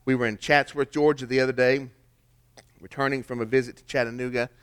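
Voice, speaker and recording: A man's voice: mid-range voice, level tone, brisk, clean tone. An older man, preaching a sermon in a folksy storytelling way with rhetorical questions. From American South. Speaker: pastor.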